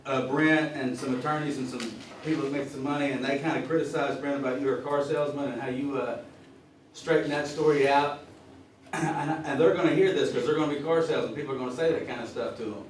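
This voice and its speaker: A man speaking as a class instructor, asking a question in a halting way with fillers and throat clearing. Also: mid-range voice, fairly even intonation. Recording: very echoey room from far off, faint noise.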